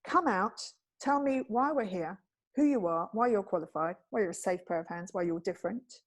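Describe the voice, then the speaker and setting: Woman producer, storyteller with a sharp wit; plays every character she quotes with big leaps in pitch. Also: animated, normal speed. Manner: witty, acts out quoted voices with big pitch jumps. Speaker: guest, TV producer and speaker. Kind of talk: animated storytelling in conversation.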